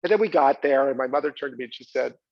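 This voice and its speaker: A man's voice: medium pitch, very fast, gravelly. A man performing a chatty, self-mocking autobiographical monologue on a theater stage. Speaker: solo performer. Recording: dull live theater recording.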